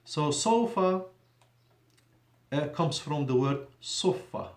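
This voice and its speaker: A man teaching a language class in a mosque, slowing down to stress key words and correcting himself as he goes. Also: mid-range voice, animated. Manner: deliberate, drawn-out emphasis on key words; switches between Arabic and English, self-correcting. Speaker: Arabic teacher. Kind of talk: classroom lesson. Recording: echoey room.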